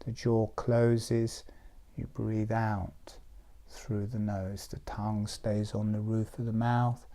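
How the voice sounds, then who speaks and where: A man leading a guided breathing meditation, giving calm step-by-step instructions. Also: on the low side. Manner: slow, soothing step-by-step instructions. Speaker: meditation teacher.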